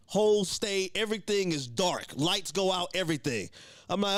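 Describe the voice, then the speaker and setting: A man's voice: high-pitched, expressive, moderate pace, a bit bright, dry recording. A young man, a comedian, telling a story in a loose, profane way and laughing often. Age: young adult. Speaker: comedian guest. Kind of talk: casual storytelling.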